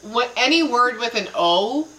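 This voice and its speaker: Casting: woman, very slow and deliberate, bright tone, faint noise behind her. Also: on the high side, expressive, far from the mic, low-quality recording. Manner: slow, thoughtful, hesitant. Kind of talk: casual family chat.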